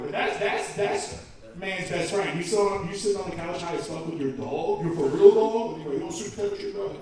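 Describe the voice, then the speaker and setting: A man doing a profane, animated stand-up set in a comedy club, incredulous and ranting. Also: high voice. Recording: echoey club from far off, crowd.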